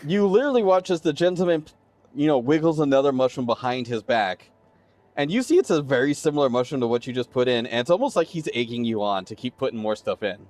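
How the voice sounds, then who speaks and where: A man narrating as game master of a tabletop game, describing scenes in an animated way and addressing players by their characters' names. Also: medium pitch, fast talker.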